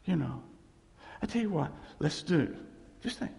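This sermon comes from a man with a fairly high voice, some vocal fry, and a measured pace. Preaching as pastor, he spins lively stories full of laughter and acted-out quotations, all under a long hall reverb.

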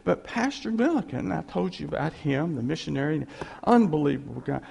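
A high-pitched man preaching with a gravelly, husky voice that swings widely up and down. He tells stories and acts out quoted voices, and his words ring on in the long reverb of a church hall. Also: a little fast. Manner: animated storytelling, acting out quoted voices with laughs. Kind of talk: sermon.

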